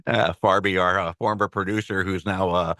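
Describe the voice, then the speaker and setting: A man's voice: deep voice, fairly even intonation, pushed and bright, dry recording, clean studio sound. A middle-aged man, a podcast co-host and former radio host, chatting in an easygoing, reflective way. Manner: easygoing, reflective, lots of quick agreement. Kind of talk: casual chat.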